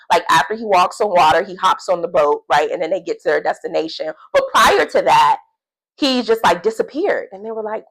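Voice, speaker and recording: A woman with a mid-range voice and a gravelly fry talks in a relaxed devotional vlog. She is chatty and animated, laughs often and acts out quotes as she goes. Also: mid-range voice, rough recording. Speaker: faith vlogger. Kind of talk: casual devotional video journal.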